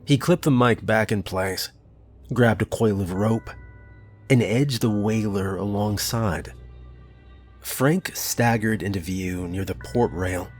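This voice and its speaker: Slow, low-voiced male horror narrator. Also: a little mellow, soft background music. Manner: slow, measured storytelling.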